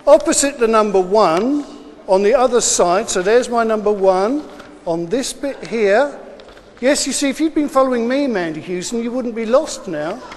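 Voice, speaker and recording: Teaching a class of children, a man talks them through each step, repeating himself in a brisk, encouraging way. His voice is very high and his delivery slow and deliberate. A long, hall-like reverb and a little hiss or hum color the sound.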